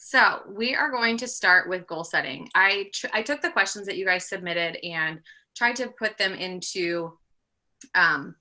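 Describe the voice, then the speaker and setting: A woman in her thirties gives a casual talk over a video call, a little out of breath. Her voice is very bright and fairly low-pitched, and her delivery is upbeat and chatty, full of ums and small laughs. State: slightly out of breath from pregnancy. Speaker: guest presenter, project manager. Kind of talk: casual webinar presentation. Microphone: computer mic on a video call.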